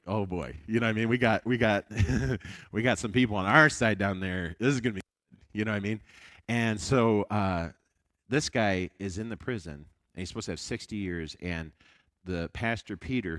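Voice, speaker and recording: Low-voiced man telling a sermon story. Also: no echo. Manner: chatty, animated storytelling with frequent restarts. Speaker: evangelist preacher. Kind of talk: storytelling Sunday school sermon.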